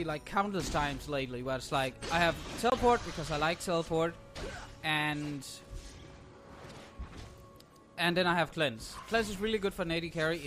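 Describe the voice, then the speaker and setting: A young man talks over a replay of his match in a slightly high voice, sarcastic and prone to ranting, with curses dropped in freely. Faint game music plays behind him on a desktop mic. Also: a bit bright. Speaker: gameplay commentator. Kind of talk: casual game commentary.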